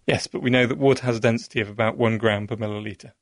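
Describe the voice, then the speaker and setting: A man's voice: medium pitch, fairly even intonation, rapid-fire, no echo, clean studio sound. A man, a science expert guest, patiently explaining an experiment step by step.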